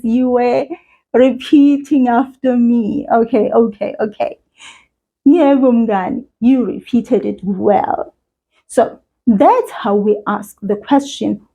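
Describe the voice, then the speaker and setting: South African woman, children's language teacher, slow patient delivery, mellow voice, slightly muffled recording. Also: fairly high pitch, slightly rough.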